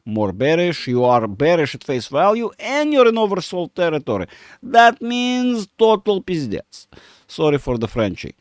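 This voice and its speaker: A man's voice: fairly low pitch, darkish tone, no echo, clean studio sound. A man hosting a casual chart analysis, rambling and profane, humming while he thinks. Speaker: market analyst host.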